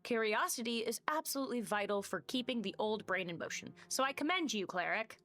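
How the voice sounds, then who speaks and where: A woman voicing a weary old male halfling scholar who mumbles slowly and deliberately. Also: a little high, expressive, fairly bright tone. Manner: mumbling, tired and gloomy.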